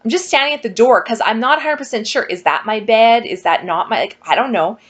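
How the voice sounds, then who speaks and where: A woman telling a personal story to her viewers in a casual vlog, animated and exasperated. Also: a little high, brisk. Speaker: vlogger.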